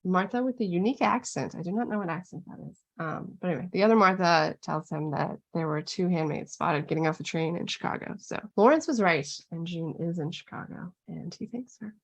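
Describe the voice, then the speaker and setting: Gravelly-voiced woman recapping a show. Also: lowish voice, fairly quick, few pauses. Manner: lively storytelling, frequent "like", swears casually. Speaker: podcast co-host recapping episodes. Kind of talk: casual podcast recap.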